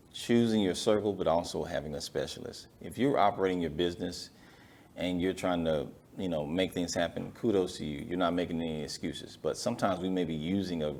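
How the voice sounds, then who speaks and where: A man hosting a business interview show, reflecting on what his guest said and affirming it. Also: low voice. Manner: reflective, gives affirming murmurs, gentle teasing. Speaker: podcast host.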